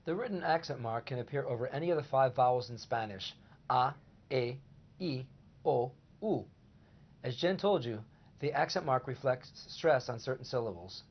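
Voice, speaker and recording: A man explains a scripted language lesson in a steady, even voice. His pitch is mid-range for a man. The recording sounds a bit muffled and lo-fi. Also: fairly quick. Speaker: language teacher co-host.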